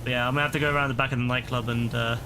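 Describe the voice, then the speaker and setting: Speaking very fast with a flat delivery, a weary gamer with a mid-range voice narrates his stream live. He talks to himself and to the game in frustrated outbursts, his voice starting to break, over clearly audible game noise.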